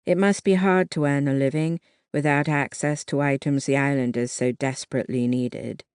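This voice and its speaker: An audiobook narrator giving a measured, even reading of a historical novel. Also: medium pitch, smooth, no echo, studio quality.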